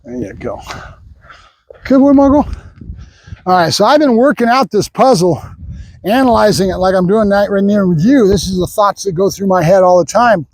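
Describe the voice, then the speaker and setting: A man training a dog, explaining his method out loud while praising the dog. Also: high voice, brisk, no echo.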